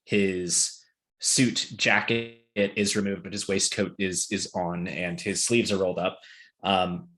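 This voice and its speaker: A man describes his tabletop game scene in a hesitant way, often stopping on ums and uhs. His voice sits a little low. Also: level tone, slow pace, fairly bright tone. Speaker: player.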